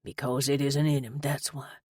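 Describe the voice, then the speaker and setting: A woman voicing a gruff young rancher man with a hoarse, husky voice in an audiobook. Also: rumbling low, flat delivery, normal speed, darkish tone, dry recording, studio quality. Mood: gruff, emotional.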